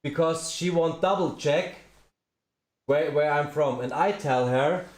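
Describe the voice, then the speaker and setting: Halting man in an echoey room. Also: a little high. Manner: halting, searching for words. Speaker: magician, app feature developer. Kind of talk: casual chat. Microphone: video call.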